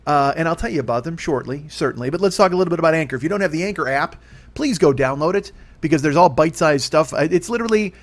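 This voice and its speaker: A man in his forties talks quickly through a rambling solo podcast monologue. His voice sits a bit high, and he swears casually and laughs at himself. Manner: rambling, profane, self-deprecating. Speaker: podcast host.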